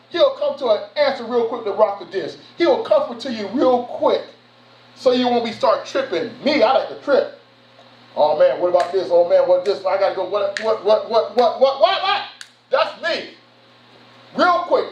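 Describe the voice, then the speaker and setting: Male preacher, casual slangy sermon, muffled distant recording. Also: high voice. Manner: animated, conversational street slang. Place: church sanctuary. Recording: echoey room from far off, muffled.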